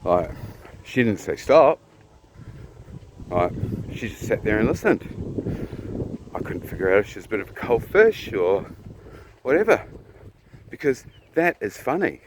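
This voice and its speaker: A man from New Zealand telling a personal story in a blunt, profane, casual way, often clearing his throat. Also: on the low side, big pitch swings, a little slow, pauses often, slight background noise.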